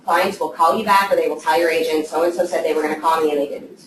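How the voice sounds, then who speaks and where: A woman's voice: deep voice, fairly even intonation, quick pace. A woman giving a casual training talk to a live group of assistants, checking in with them often. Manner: conversational, checks in with "okay?". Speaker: trainer for real estate assistants. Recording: echoey room, voice from far off, faint noise.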